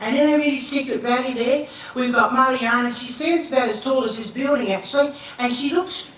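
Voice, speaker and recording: An older Australian woman gives a Welcome to Country to an audience, telling a creation story in a relaxed, rambling way and asking listeners to repeat words after her. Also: high-pitched, fairly quick. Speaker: Aboriginal elder giving a Welcome to Country. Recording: echoey hall from far off, faint noise.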